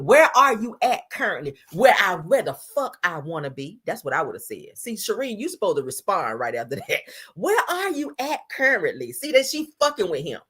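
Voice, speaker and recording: A woman giving blunt, profane, sassy commentary on reality TV for a stream, laughing often. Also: medium pitch. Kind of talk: casual commentary on a livestream.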